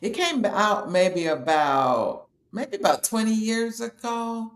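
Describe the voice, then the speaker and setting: A woman's voice: mid-range voice, animated, slow, echoey room. A woman explaining a health topic in a casual, matter-of-fact way, as host of a talk show. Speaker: health educator.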